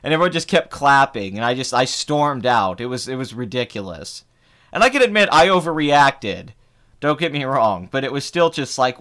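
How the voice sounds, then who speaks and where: A man's voice: a little high, big pitch swings, normal speed, bright, forceful tone, clear, resonant tone. A man in his twenties, hosting a film channel, ranting heatedly and with profanity in casual live stream chat. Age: 20s. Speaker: film review channel host.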